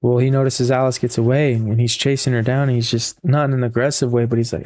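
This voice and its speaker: A man's voice: medium pitch, little pitch movement, quick pace, few pauses, darkish tone. A man giving a casual spoken book review, retelling the plot in a rambling way with frequent repeats and fillers.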